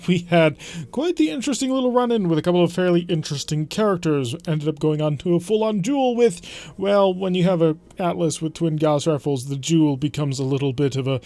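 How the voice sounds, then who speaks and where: A man's voice: a little high, animated, fairly quick, a little mellow, no echo. A man hosting a let's play, talking through his strategy in a chatty, rambling way with frequent self-corrections. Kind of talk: casual game commentary.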